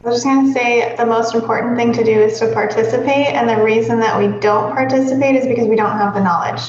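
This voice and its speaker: A woman's voice: fairly high pitch, steady tone, quick pace, darkish tone, reverberant, highs cut off. A woman trainer earnestly urging her audience to take part. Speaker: team trainer.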